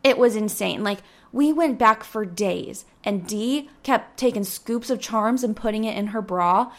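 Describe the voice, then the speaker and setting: A young woman hosting a podcast, telling a story in a casual, animated, rambling way, with lots of "like" and some swearing. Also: mid-range voice, measured pace. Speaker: podcast host.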